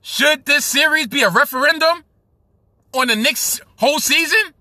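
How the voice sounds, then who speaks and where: A man's voice: very high voice, moderate pace, sharp tone, no echo. A man from Brooklyn with a New York accent, hosting a solo podcast and ranting profanely about sports. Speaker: podcast host.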